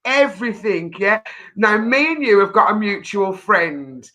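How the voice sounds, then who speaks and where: Cheeky lady hosting, bright voice, breezy and teasing. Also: mid-range voice, expressive, a little slow, low-quality recording. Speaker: charity show host. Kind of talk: casual chat.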